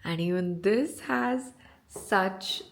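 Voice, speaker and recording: A woman's voice: medium pitch, very slow, creaky, slight background noise. A young woman from India vlogging casually from a hotel room, chatty and gushing, talking through a cold and sore throat. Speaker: travel vlogger. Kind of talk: casual travel vlog.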